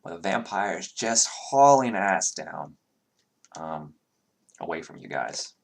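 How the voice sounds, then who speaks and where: A man with a somewhat low voice runs a tabletop game as game master. He talks in a loose, chatty way and walks the players through rolls and movement. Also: sing-song, slow, vocal fry. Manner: loose and chatty, counting squares out loud.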